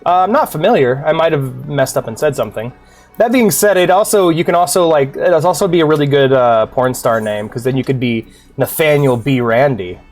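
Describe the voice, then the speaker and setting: A man's voice: on the high side, expressive, fairly quick, darkish tone. A man streaming a video game, chatting loosely with viewers, rambling and swearing freely, with faint game music behind. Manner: rambling, profane, chatty with chat. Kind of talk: casual gaming stream chat.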